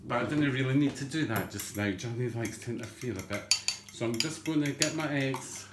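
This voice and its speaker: A man chats his way through a recipe with a cheeky, self-mocking, rambling patter. His voice sits mid-pitch and bounces off the hard surfaces of a home kitchen. Cutlery and pans clatter audibly behind him. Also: a little fast, very noisy. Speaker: home cooking show host. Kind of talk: chatty cooking demonstration. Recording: echoey kitchen with clattering dishes.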